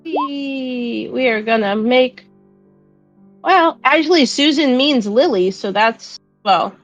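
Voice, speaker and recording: A woman's voice: high voice, expressive, takes it slowly, no room sound, highs cut off, soft background music. A woman playing a tabletop game, chatty and upbeat, thinking aloud as she plays her character. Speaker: player.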